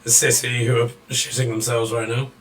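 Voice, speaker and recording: A man acting as dungeon master, narrating and ruling on rolls in a relaxed way, laughing often. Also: medium pitch, normal speed, a little hiss or hum. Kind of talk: running a tabletop game over voice chat.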